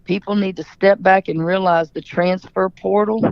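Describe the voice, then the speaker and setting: Gravelly-voiced woman coach. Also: mid-range voice, steady tone, moderate pace, no echo, muffled recording. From Louisiana. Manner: candid, emphatic storyteller. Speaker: head coach, guest. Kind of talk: radio interview.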